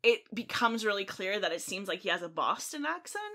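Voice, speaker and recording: A woman's voice: mid-range voice, big pitch swings, a little fast, sharp tone. A woman co-hosting a podcast, giving her opinions in a casual film discussion. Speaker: podcast co-host.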